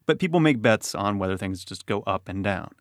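A man hosting a podcast, talking in a measured, curious way. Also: fairly low pitch, expressive, no room sound, studio quality. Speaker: podcast host. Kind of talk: casual chat.

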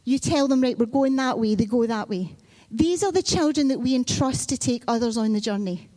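A woman's voice: fairly high pitch, normal speed, dark tone. A woman preacher giving a sermon in a conversational, storytelling way. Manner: conversational storytelling, acting out children and Bible figures.

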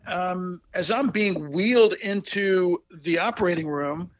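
A man telling a personal story as an interview guest, halting and heartfelt, with many fillers and restarts, on a dull lo-fi recording. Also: high voice, a little hiss or hum.

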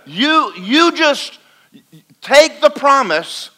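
Animated preacher, high and lively. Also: male voice, very slow. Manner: folksy, animated preaching with swings from loud to quiet. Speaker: pastor. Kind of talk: sermon. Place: church in front of a congregation.

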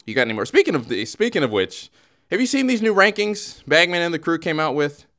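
A man's voice: on the high side, big pitch swings, fairly quick, over loud music. A man hosting a podcast in casual chat, joking around and rambling through a playful play-by-play. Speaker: podcast host.

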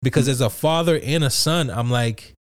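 A man chatting casually, telling a story loosely and excitedly with lots of swearing and restarts. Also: medium pitch, normal speed, no room sound, studio quality. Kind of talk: casual chat.

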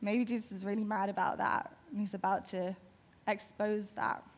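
A woman's voice: medium pitch, level tone, moderate pace, gravelly. A woman giving a sermon, retelling a Bible story vividly and imaginatively. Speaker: preacher.

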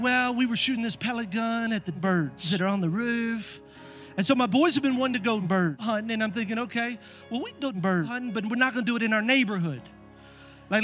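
A middle-aged male pastor preaching a sermon in a church, animated and acting out the voices in his stories. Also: high-pitched. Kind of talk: sermon with storytelling. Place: church sanctuary.

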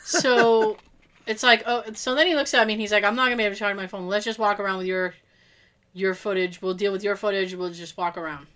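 Bright-voiced woman telling a story. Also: mid-range voice, a little fast. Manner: animated, laughing, acts out quotes. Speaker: podcast co-host. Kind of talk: casual storytelling chat.

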